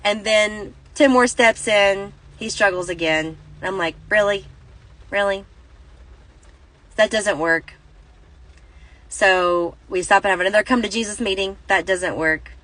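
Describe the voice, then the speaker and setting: A woman's voice: medium pitch, a little slow, fairly bright tone, no echo, rough recording. A woman in her thirties telling a rambling, self-correcting story in a casual vlog, recorded on a phone inside a parked car. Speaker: Christian vlogger.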